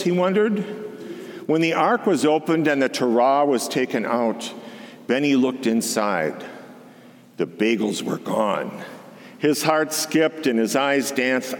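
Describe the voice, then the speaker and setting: Man, deacon, storybook reading, slow, lively intonation, long church reverb. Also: mid-range voice. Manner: expressive, unhurried reading.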